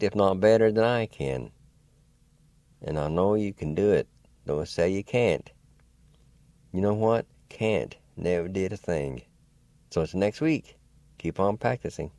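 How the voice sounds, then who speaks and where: A man hosting a radio language lesson, slowly spelling words out letter by letter and sounding out syllables in an encouraging, folksy way. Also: low voice, dark tone, no echo. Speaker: radio host and language teacher.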